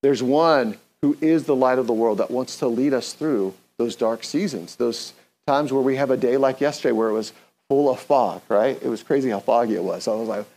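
A man's voice: medium pitch, brisk, darkish tone. Earnest man preaching a sermon. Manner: earnest, conversational preaching with call-and-response. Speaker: pastor.

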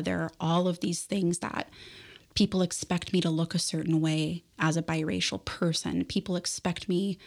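A young woman from the Bay Area, a therapist, talking candidly in a casual podcast conversation with an animated, storytelling manner. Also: lowish voice, creaky. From San Francisco Bay Area. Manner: candid, animated storytelling with frequent laughs and fillers. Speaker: therapist guest.

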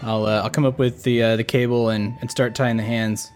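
A man's voice: mid-range voice, flat delivery, brisk, over music. A man playing a tabletop game, asking hesitant, polite questions in a casual way. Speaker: player.

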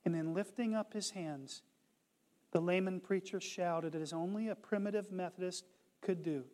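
High-pitched guy preaching slow, gets loud and fired up, big echoey hall. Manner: slow, building to impassioned shouts. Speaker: pastor. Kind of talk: sermon.

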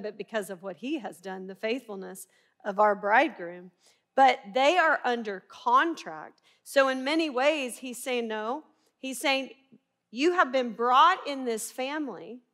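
A middle-aged woman with a Southern twang, from Arkansas, teaches the Bible in an earnest, emphatic way. Her voice is a little high and a bit bright, and she often asks her listeners rhetorical questions.

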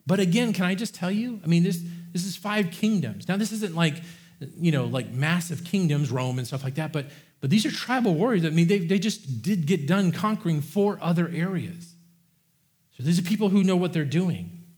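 A man's voice: high voice, expressive, normal speed, darkish tone. A man preaching a sermon, impassioned and repetitive, often restarting his words as he builds a point. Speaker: pastor.

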